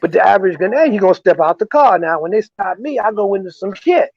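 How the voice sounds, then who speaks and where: With a high-pitched voice, lively intonation, and a quick pace, an older activist guest speaks emphatically in a remote political interview from Ghana. He frequently restarts and tags on "you see?", and the recording is muffled with no room sound.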